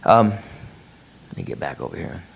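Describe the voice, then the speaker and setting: Man teaching Bible study with lively pitch. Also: a little slow, vocal fry, husky. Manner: explains with rhetorical questions, repeats key points. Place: church meeting room.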